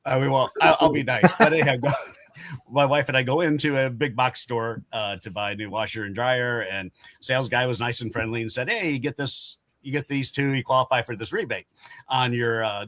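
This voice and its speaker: A man's voice: medium pitch, a bit bright, no room sound. Chatty man telling a story, dry mic. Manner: chatty, laughs while telling, acts out the people in his story. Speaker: panel guest telling a story. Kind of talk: casual storytelling.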